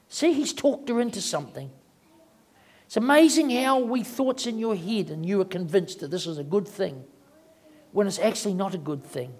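Middle-aged male pastor with a slightly high voice, preaching informally. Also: expressive, normal speed, husky. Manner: conversational preaching, acts out quoted voices. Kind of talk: sermon.

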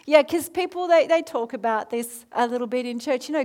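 A woman preacher in her thirties leading a prayer, then telling her story with lively asides and soft near-whispered moments. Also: high-pitched, normal speed, hardly any pauses. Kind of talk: sermon with prayer.

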